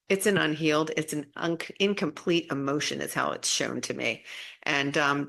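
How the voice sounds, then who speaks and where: Low-voiced woman teaching spiritual energy. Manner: relaxed and chatty, repeats phrases, restarts often. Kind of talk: casual spiritual teaching monologue.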